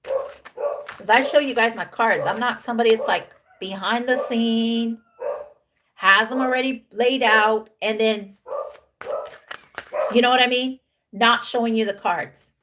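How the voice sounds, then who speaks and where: Amid a noisy background, a woman with a slightly high voice reads tarot casually, unhurried, with fairly even intonation and long pauses. She repeats things for emphasis, drops in Spanish slang, and plays out imagined lines for the figures pictured on the cards.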